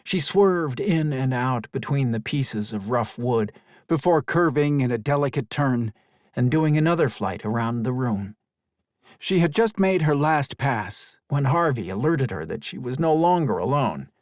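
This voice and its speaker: Lively male audiobook narrator, dry sound. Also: medium pitch, unhurried, no room sound. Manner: expressive storytelling. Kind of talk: scripted narration.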